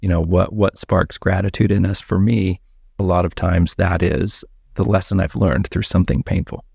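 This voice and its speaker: A man hosting a podcast, asking reflective questions in an unhurried, casual way. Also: low voice, steady tone, gravelly, a little mellow, breathy edge, no echo, studio quality. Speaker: podcast host. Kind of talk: casual interview chat.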